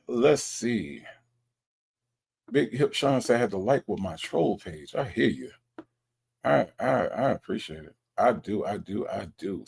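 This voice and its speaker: A man hosts a casual livestream and reads viewers' chat messages aloud, greeting each one by name and teasing them in a playful way. His voice is gravelly and husky, and his pitch swings freely up and down. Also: darkish tone. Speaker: livestream host.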